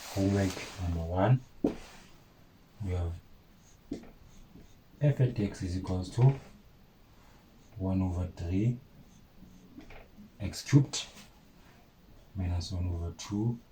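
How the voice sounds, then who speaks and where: A man walks his viewers through a calculus lesson in a slow, unhurried way. His voice is low and mellow. He keeps talking to them directly and says key points over again. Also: slight background noise, rough recording. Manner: chatty, addresses viewers as guys, repeats himself. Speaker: maths tutor. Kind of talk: informal maths lesson.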